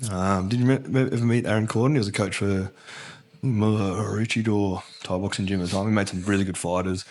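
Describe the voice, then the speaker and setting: A deep-voiced Australian man swaps rough, swear-laden stories on a podcast. His tone is blunt and casual, with laughter breaking in, and his voice sits low. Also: steady tone, fairly quick, darkish tone. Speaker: guest. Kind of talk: casual interview chat.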